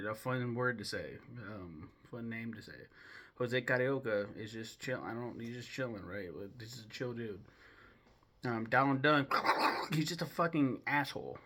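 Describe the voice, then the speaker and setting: A man's voice: medium pitch, bright, forceful tone. A young man hosting a film-ranking video, rambling casually with lots of swearing, fillers and restarts. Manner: loose, profane, rambling with many fillers and restarts. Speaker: video host ranking films. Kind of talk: casual commentary.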